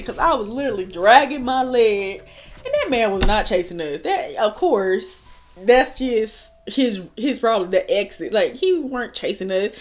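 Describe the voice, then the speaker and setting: A young woman telling a wild storytime while doing her makeup, swearing and laughing as she goes. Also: fairly high pitch. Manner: animated, swearing, laughing often. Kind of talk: casual storytime chat.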